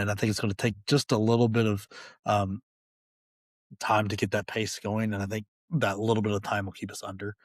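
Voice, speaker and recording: Man, low voice, dry sound, relaxed sports analysis. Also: no room sound. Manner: relaxed, explaining with fillers. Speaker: podcast host. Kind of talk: casual sports betting talk.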